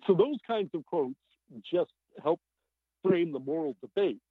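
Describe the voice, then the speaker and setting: A novelist being interviewed, talking in an animated, emphatic way with many fillers over a remote line. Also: male voice, on the high side, a little slow, slightly rough, no room sound. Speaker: novelist guest. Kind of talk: podcast interview. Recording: tinny phone-like line.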